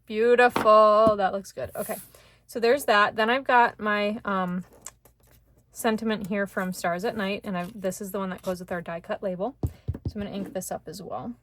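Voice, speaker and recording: A woman teaching card making in a casual, chatty way, thinking aloud as she works and getting excited over small wins. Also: medium pitch, normal speed, a little hiss or hum. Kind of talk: casual craft tutorial chat.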